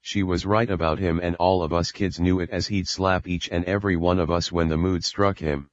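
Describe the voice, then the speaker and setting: A man with a very low voice narrates an audiobook in the first person, reading plainly and without hurry. The recording is dry and close, with a dull, muffled tone. It sounds like a home-made audiobook. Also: fairly even intonation, a little fast, no echo.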